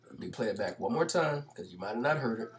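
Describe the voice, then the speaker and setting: A man's voice: lowish voice, lively intonation, fast talker. A man commenting over video clips, explaining at length in an emphatic manner and repeating his points.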